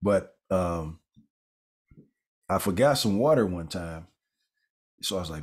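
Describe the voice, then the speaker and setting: A man's voice: deep voice, unhurried, pauses often, slightly rough. A man giving a conversational Bible lesson, wandering into casual asides with fillers and restarts, then reading scripture aloud and stressing key words. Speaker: Bible teacher.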